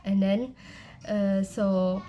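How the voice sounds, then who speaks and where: A young woman with an Indonesian accent presents to her class at a slow, unhurried pace. She talks in a halting way, full of fillers and restarts, with a middle pitch. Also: fairly even intonation, warm tone, a little hiss or hum. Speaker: student presenter.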